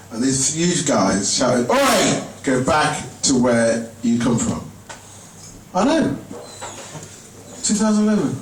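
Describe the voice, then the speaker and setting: A man performing a live stand-up set on a theatre stage, chatting with the audience. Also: medium pitch. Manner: chatty, addresses the crowd directly. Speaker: stand-up comedian. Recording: echoey theatre from far off, noisy.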